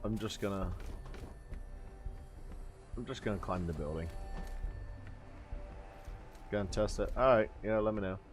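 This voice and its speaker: A man's voice: fairly low pitch, measured pace, pauses often, soft background music. A man streaming a game, chatting casually and joking at his own expense. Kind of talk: casual live-stream chat while playing.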